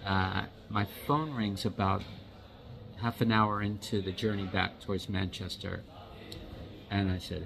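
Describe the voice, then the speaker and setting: Man, gravelly and lowish, rambling storyteller who repeats himself, faint room noise. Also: fairly bright tone, low-quality recording. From United States. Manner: rambling, halting, repeats words. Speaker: watch vlogger. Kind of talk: casual storytelling.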